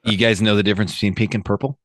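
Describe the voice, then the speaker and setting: A man's voice: on the low side, fairly even intonation, very fast, dry recording, clean studio sound. A middle-aged man hosting a casual chat, rambling loosely and telling crude jokes. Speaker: podcast host.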